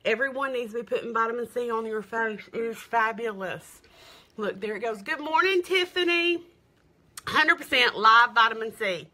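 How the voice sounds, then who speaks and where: A middle-aged woman with a drawl runs a live makeup demo, selling as she goes. Her voice sits a little high and rings bright and forceful. She chats and gushes, greeting her viewers by name. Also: normal speed. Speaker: makeup seller.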